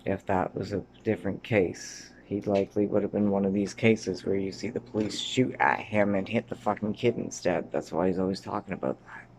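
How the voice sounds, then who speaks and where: A Canadian man in his thirties rambles through his own memories, drifting from topic to topic, swearing often and sometimes sinking to a mutter or whisper. His voice is deep, with fairly even intonation and a slightly fast pace. There's slight background noise.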